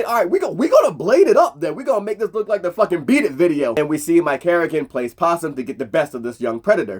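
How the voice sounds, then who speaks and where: A man giving a casual movie review vlog, retelling the plot in an animated, slangy, profane way. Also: on the high side. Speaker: movie commentator.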